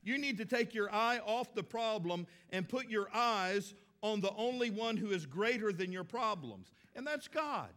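A man's voice: high-pitched, animated, unhurried, few pauses, fairly bright tone. A middle-aged man preaching a sermon as a pastor, folksy and conversational with emphatic stresses.

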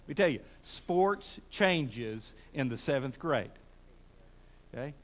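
This middle-aged male pastor preaches in a folksy, stammering manner that climbs to loud, emphatic peaks. His mid-range voice is expressive, and he takes his time.

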